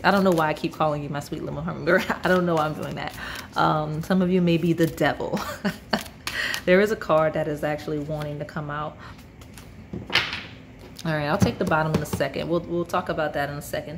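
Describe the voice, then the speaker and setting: A woman's voice: deep voice, steady tone, fairly quick, gravelly, long pauses, background noise. A woman giving a casual pick-a-card tarot reading, talking straight to her viewers in a chatty, rambling way. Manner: chatty and rambling, many fillers and asides. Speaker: tarot reader.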